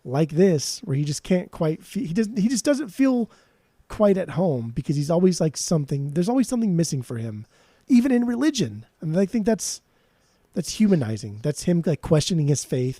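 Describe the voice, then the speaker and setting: A man's voice: sits high, big pitch swings, a little fast, dark tone, no room sound, studio quality. A man co-hosting a podcast, chatting casually and enthusiastically about music, rambling and swearing freely. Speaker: podcast co-host.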